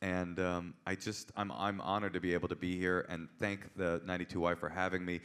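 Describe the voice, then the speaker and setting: Bright-voiced male comedian telling stories. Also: low voice, a little fast, smooth. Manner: animated, punchy delivery. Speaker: comedian and author. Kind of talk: live on-stage storytelling. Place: auditorium stage before an audience.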